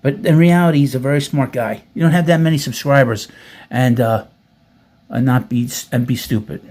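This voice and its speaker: A man's voice: medium pitch, steady tone, normal speed, a little mellow. A man hosting casual commentary, reading out comments with blunt, profane sarcasm and rambling asides. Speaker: commentary host.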